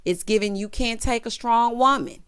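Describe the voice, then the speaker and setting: A woman's voice: a little high, steady tone, normal speed, a bit bright, clear, resonant tone, dry recording, studio quality. A woman recapping a reality TV episode in a sassy, dramatic way, acting out what the cast said and calling the viewer honey and child. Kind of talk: casual commentary recap.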